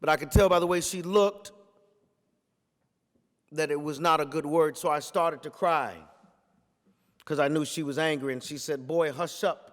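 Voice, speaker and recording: A man's voice: a little high, fairly even intonation, normal speed, pauses often. Male preacher at a lectern; story-driven talk in a preaching cadence, echoing hall. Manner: rhetorical, repeats phrases for emphasis, builds to forceful peaks. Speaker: pastor giving a talk.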